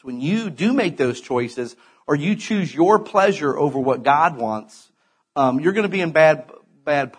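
A man's voice: mid-range voice, husky. A middle-aged man preaching a sermon in a conversational way, with sudden emphatic bursts.

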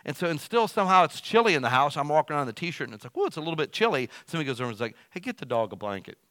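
Middle-aged male pastor, folksy sermon delivery, bright voice, dry close sound. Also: very animated, rapid-fire, dry recording. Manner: folksy, conversational preaching with wide swings in pitch and loudness.

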